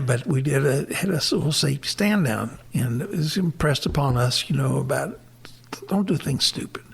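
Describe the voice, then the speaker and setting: Older man, gravelly husky voice, plain-spoken storyteller, acts out quotes, interview guest. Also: medium pitch, animated, normal speed. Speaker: guest, retired navy helicopter pilot. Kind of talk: recounting war stories in an interview.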